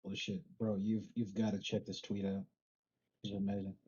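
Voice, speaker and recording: A man chatting on a game stream, telling stories in an animated, heavily profane way. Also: fairly low pitch, moderate pace, a little hiss or hum. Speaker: co-player on a stream. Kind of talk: casual gaming chat. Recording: slightly muffled lo-fi mic.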